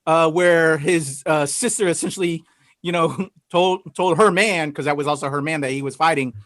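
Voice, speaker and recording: A man's voice: fairly high pitch, normal speed, fairly bright tone, no echo. A man hosting a casual review podcast over a video call, chatty and loose with many fillers, laughing often. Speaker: podcast host.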